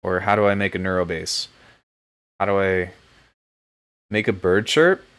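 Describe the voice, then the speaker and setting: A man hosting a live stream from home as a music producer, chatting casually in a relaxed, joking way. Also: low-pitched, a little slow, clean tone. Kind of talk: casual livestream chat.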